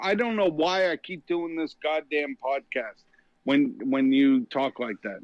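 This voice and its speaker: A man's voice: fairly high pitch, unhurried, dry recording, dull audio. A man calling in as a guest, ranting in mock anger and swearing freely. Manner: profane mock-angry ranting. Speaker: guest podcaster. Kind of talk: casual banter on a call. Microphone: phone call.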